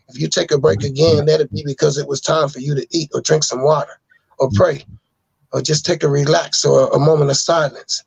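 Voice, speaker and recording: Gravelly, husky man preaching earnestly. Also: fairly high pitch, no echo. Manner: insistent, repeating phrases like a sermon. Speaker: podcast guest.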